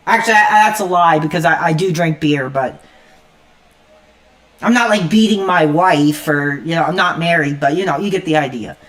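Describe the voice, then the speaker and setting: A man streaming an angry, profane rant, swinging between loud outbursts and low muttered asides. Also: moderate pace. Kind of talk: angry ranting monologue.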